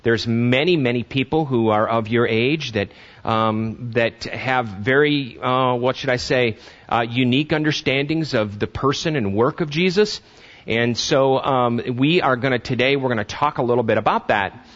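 A man's voice: mid-range voice, a bit bright. Guy preaching a sermon, lots of uhs, earnest, kinda muffled lo-fi recording. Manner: earnest, halting with many fillers, rising to emphatic questions. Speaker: pastor.

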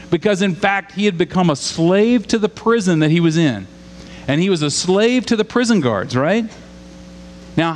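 A man from Louisiana delivers a sermon with a slightly raised pitch, posing questions to his listeners and building through insistent repetition. His voice carries a long reverb from the hall around him, with a faint hum underneath. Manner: earnest, rising to emphatic repetition, asks the congregation questions. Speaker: preacher.

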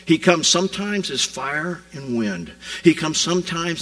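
A man preaching a sermon, retelling scripture as a vivid modern scene, rising loud and dropping to a hush. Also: a little high, a little slow, few pauses, rough recording. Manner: animated storytelling preacher, swings from loud to hushed. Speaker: pastor.

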